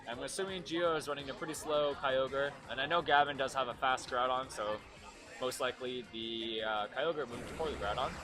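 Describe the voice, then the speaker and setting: A man's voice: medium pitch, fairly quick. Casual male esports commentator. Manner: casual, filler-heavy play-by-play. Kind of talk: live game commentary. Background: music playing nearby.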